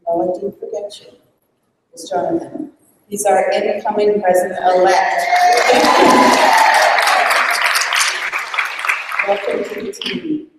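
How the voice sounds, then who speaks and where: Woman, conference emcee, upbeat thank-yous, medium pitch, far off in a very echoey hall. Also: animated, moderate pace, over a noisy crowd, very noisy. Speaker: outgoing leader of a librarians' network. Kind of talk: thanks and announcements at a conference breakfast.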